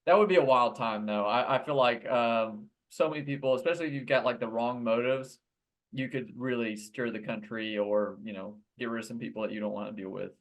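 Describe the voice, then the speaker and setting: A man's voice: mid-range voice, a little fast, lo-fi sound. A man co-hosting a podcast, talking in a laid-back, teasing way and laughing often during casual chat. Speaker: podcast co-host.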